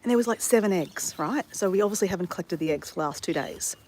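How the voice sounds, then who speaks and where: A woman's voice: lowish voice, animated, quick pace, darkish tone, a little hiss or hum. Woman vlogger, exasperated, swears freely, laughs at herself, phone mic outdoors, faint backyard ambience. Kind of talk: casual vlog chat.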